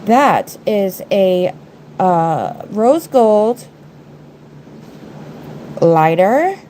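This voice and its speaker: A woman's voice: mid-range voice, expressive, very slow, dark tone, a little hiss or hum, poor audio. Congested, chatty woman livestreaming. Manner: chatty, rambling, talks to viewers and her pets. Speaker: nail art livestreamer. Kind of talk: casual livestream chat while doing nails.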